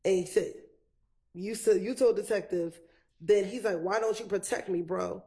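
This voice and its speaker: Gravelly-voiced woman questioning a witness. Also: mid-range voice, dark tone. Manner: methodical, repetitive, measured. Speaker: prosecutor. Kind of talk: courtroom questioning. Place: courtroom.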